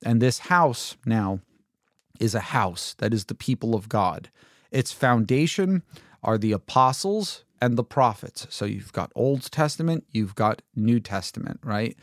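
A man teaching through a Bible passage in a relaxed, conversational way, reading verses aloud and asking rhetorical questions. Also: medium pitch, a little slow, no room sound, clean studio sound. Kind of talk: informal Bible commentary.

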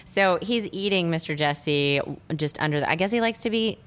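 Woman, low voice, chatty film recap, lots of "like". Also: moderate pace. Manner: animated retelling with many "like" fillers. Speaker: podcast co-host recapping a film. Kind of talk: casual chat.

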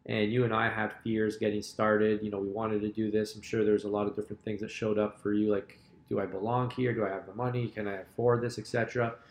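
A man's voice: on the low side, flat delivery, quick pace, few pauses. A man hosting a podcast, speaking earnestly and reflectively in casual conversation. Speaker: podcast host. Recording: roomy echo.

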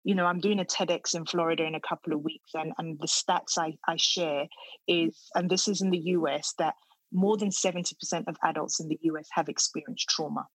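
Middle-aged woman, podcast guest, husky and heartfelt, dry close sound. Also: low voice, steady tone, brisk, no room sound, low-quality recording. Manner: earnest, heartfelt, with many restarts. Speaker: podcast guest, speaker on trauma. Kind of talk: casual interview conversation.

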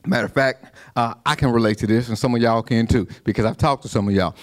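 A man's voice: medium pitch, fast talker. A man preaching a sermon, conversational, with repeated restarts and call-and-response asides to the congregation. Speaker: pastor.

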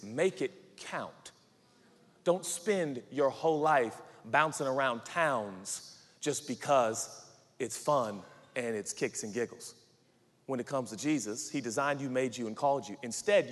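A man from the Pacific Northwest preaching a sermon, animated, acting out quotes and swinging between shouts and hushed lines. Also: mid-range voice. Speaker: pastor. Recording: reverberant hall.

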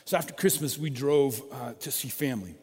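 A man preaching a sermon in a conversational, storytelling way, dropping from loud emphasis to hushed, quiet lines. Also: mid-range voice, brisk, breathy edge. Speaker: pastor. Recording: long reverb of a large hall.

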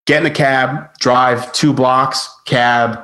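Taking it slowly, a medium-pitched man tells an animated touring story as a podcast guest in a casual chat. He acts out the quotes and says "like" a lot.

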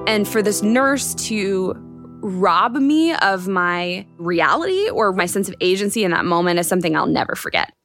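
A woman's voice: mid-range voice, a bit bright, no room sound, studio quality. A young adult woman telling her own story in an earnest, emotional, candid way, as a podcast guest. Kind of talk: personal storytelling. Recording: music bed behind the voice.

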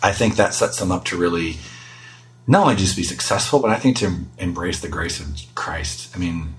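A middle-aged man speaks in a lowish voice as a guest on an interview. He is earnest and self-deprecating, talking through parenting in a relaxed conversational way. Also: normal speed, poor audio.

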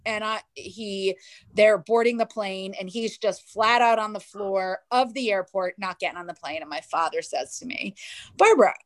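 A woman from New Jersey, a guest in an interview, telling her life story with lively restarts and acted-out quotes. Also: medium pitch, moderate pace, no room sound.

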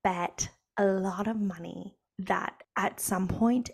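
Candid gravelly-voiced woman co-host. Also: medium pitch, fairly even intonation, slow. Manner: candid, swears freely, vivid pictures. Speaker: podcast co-host. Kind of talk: casual chat.

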